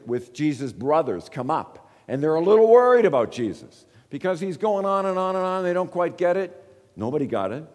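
A man, preaching a sermon as a pastor, earnest and repeating words as he builds each point. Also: a little high. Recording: long reverb of a large hall.

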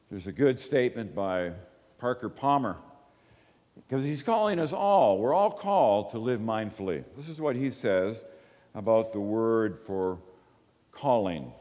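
A man preaching a conversational sermon, telling stories animatedly and often checking in with the listeners. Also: medium pitch. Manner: animated storyteller, often asks the room "right?". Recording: long reverb from a large hall.

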